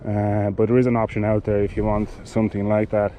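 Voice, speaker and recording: A man giving a casual product demonstration of cycling gear, talking in a halting way with many fillers and restarts. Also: on the low side, flat delivery, lo-fi sound, a little hiss or hum.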